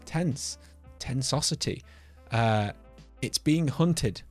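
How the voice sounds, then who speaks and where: A man's voice: mid-range voice, animated, slow, soft background music. A man in casual, jokey conversation about video games, riffing on words. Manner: jokey, playful, riffs on words. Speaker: podcast co-host. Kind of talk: casual gaming chat.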